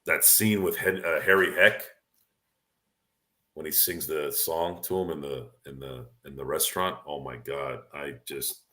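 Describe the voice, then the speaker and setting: Deep-voiced opinionated man hosting. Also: fairly even intonation, measured pace, sharp tone. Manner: opinionated, rambling with restarts. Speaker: podcast host. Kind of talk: casual sports and movie chat.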